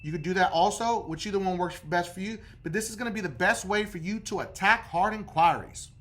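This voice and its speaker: A man's voice: high-pitched, fairly quick, a bit bright. A man hosting a casual how-to talk on credit repair, who checks in with "okay?" after nearly every point.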